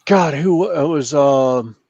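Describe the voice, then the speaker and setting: A man's voice: fairly high pitch, takes it slowly, a little mellow, dry recording. A man in his fifties with a Southern US accent, chatting casually on a hobby show, rambling and self-mocking as he trails off into fillers. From Southern United States. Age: 50s. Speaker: regular on a hobby chat show. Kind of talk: casual chat. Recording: dull, dry sound.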